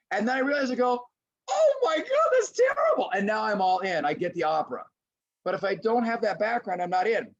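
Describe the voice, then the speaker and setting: A middle-aged man presenting a lively webinar lecture to teachers, acting out little scenes as he goes. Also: high-pitched. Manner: animated, acts out little scenes in voices. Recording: dull lo-fi webinar audio.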